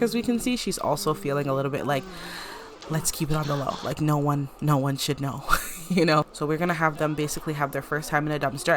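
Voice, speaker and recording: A young woman casually commentating a life-sim game, chatty and giggly, voicing the characters' lines in quick playful asides. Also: low-pitched, a little hiss or hum. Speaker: gameplay commentator. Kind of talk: casual let's-play commentary.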